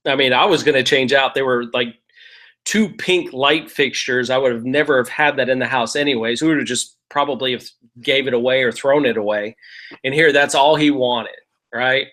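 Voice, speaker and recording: A man's voice: medium pitch, moderate pace, a bit bright. A middle-aged man telling a real estate investing story as a casual lesson, talking conversationally and often checking in with "right?".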